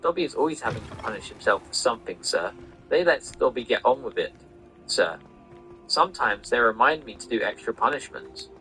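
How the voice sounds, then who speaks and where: A man voicing a small, earnest male house elf who is servile and self-punishing, speaking in a high, pleading voice while he reads a novel aloud. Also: expressive, brisk, pushed and bright, soft background music, low-quality recording. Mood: anguished. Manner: high-pitched, pleading, says sir constantly. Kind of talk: reading a novel aloud over gameplay.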